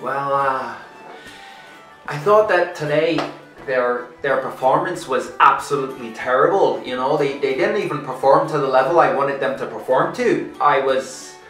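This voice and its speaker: A man voicing a serious, disappointed Irish sports manager in a put-on Irish accent, speaking haltingly. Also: mid-range voice, fairly bright tone, voice pushed down, natural voice. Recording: roomy, distant, music behind.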